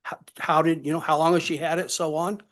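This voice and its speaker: An older man giving public comment at a college budget meeting, emotional and halting as he speaks. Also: fairly high pitch, level tone, fairly bright tone.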